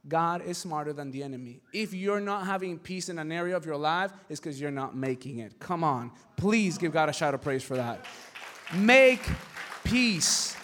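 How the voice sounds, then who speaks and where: A man preaching a sermon, telling a story with acted voices and building to emphatic shouts. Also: a little high, fairly quick, hardly any pauses, a faint crowd. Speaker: pastor.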